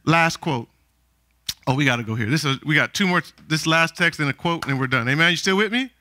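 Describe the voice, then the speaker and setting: Man, preacher, sermon, high voice, very bright, slow, call-and-response questions. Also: expressive, no echo. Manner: calls for responses from the congregation.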